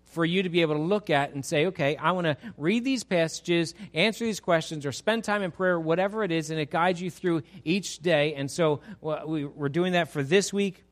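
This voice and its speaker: A man preaching a sermon as pastor, swinging from loud exhortation to soft pleading, speaking to a church congregation. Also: on the high side, normal speed, few pauses. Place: church sanctuary.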